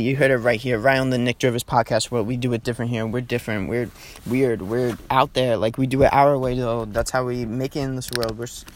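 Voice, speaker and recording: A teenage man talks his way through a loose solo podcast from inside a parked car. He rambles, jokes and swears, leaning on "like" constantly, in a mid-pitched voice. Faint street and traffic noise sits behind him. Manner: rambling, joking, lots of "like" and swearing. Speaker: podcast host.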